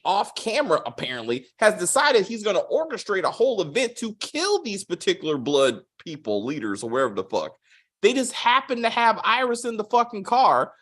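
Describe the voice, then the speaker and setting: Swearing freely in a casual chat, a man reviews a TV series and ridicules its plot with acted-out quotes. His voice is high and husky, and his manner is animated and mocking.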